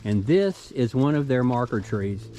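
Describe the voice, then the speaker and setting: A man's voice: mid-range voice, animated, a little slow, warm tone, low-quality recording. A middle-aged man with a Southern US accent, casually narrating a forest hike and pointing out things he finds along the trail. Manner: easygoing, enthusiastic about small finds. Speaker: hiking vlogger.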